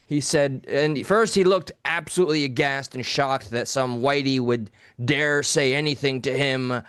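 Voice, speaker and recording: Male co-host, mid pitch, crisp dry studio sound, profane and blunt storyteller. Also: normal speed, few pauses, fairly bright tone, no room sound. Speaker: podcast co-host. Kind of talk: casual live talk show storytelling.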